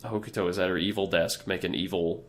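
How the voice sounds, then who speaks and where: A man with a fairly low voice talks through episode plots in a loose, profane way, laughing along as he goes. A faint hiss sits under the recording. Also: steady tone, fast talker. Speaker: podcast co-host. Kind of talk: casual recap chat.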